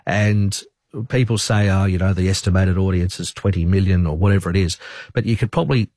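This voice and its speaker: A man who is a sports broadcaster, answering interview questions in a calm, measured voice. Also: sits low, dry recording, clean studio sound. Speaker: sports broadcaster and race caller.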